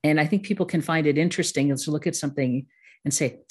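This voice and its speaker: A fast-talking woman with a low, husky voice and a Midwestern American accent is interviewed as a course-creation expert. She's casual, self-deprecating, and quick to laugh.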